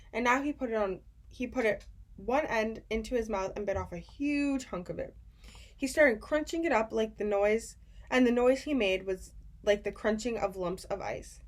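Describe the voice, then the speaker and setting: A woman narrates a children's storybook for an audiobook in a calm, steady manner. Her voice sits at a middling pitch for a woman. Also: normal speed.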